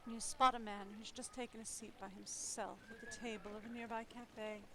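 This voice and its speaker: A young woman reads a story game aloud to her stream in a fairly high voice, breaking off for playful, wry asides. Her tone stays light and conversational throughout. A faint, steady hiss runs under the recording. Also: moderate pace.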